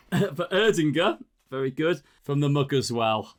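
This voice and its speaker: A man's voice: a little high, lively intonation, measured pace. A man co-hosting a podcast in casual chat, friendly and laughing through banter. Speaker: podcast co-host.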